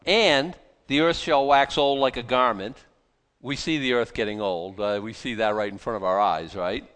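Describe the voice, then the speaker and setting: A man preaching a Bible sermon in a conversational, animated way, often restarting and breaking into asides. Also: mid-range voice, clear, resonant tone. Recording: long hall reverb.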